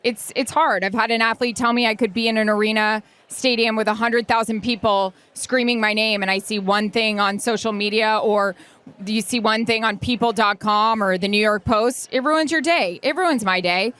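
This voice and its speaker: Excitable woman co-host, dry close sound. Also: fairly high pitch, normal speed, clean tone, no echo. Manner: excitable, energetic. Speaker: podcast co-host, sideline reporter. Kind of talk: live podcast advice Q&A. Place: live stage event.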